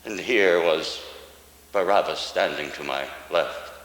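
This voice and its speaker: An actor in a one-man stage performance playing Jesus, a sorrowful man who speaks slowly and intimately to his accusers, dropping into whispers. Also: low-pitched, a bit bright, exaggerated voice. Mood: recounting. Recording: echoey hall with long reverb.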